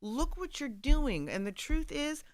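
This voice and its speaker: A woman guest on a radio studio show, telling stories with animated energy and laughing often as she acts out bits of dialogue. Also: high-pitched, unhurried, no echo. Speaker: guest author. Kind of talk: candid storytelling in conversation.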